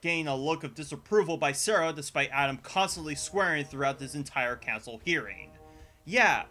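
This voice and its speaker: A man delivering scripted commentary as a video essayist, sarcastic and profane, with sudden exasperated jumps in pitch. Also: lively intonation, moderate pace, pushed and bright. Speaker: video essayist reviewing a show.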